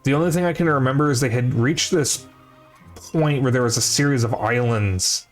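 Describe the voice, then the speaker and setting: A man's voice: mid-range voice, moderate pace. A young man streaming, chatting casually to his viewers, rambling and correcting himself as he goes, with the odd curse. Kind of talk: casual chat to a live chat. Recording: faint music behind voice.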